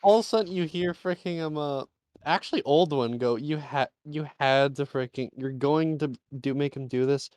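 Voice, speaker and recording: A man playing a tabletop game, giggly and animated, slipping into character voices. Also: a little high, normal speed, dry recording. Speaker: player.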